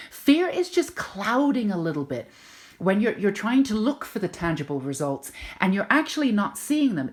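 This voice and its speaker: A woman giving a spoken tarot reading to her viewers, gentle and reassuring, often repeating words for emphasis. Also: medium pitch. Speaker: tarot reader and intuitive healer.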